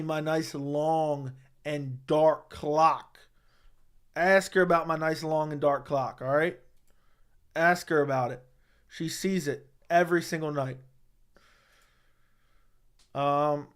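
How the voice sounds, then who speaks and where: A young man hosting a casual livestream, answering chat with crude, mocking trash talk and frequent laughter. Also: a little high. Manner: laughs often. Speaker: livestream host.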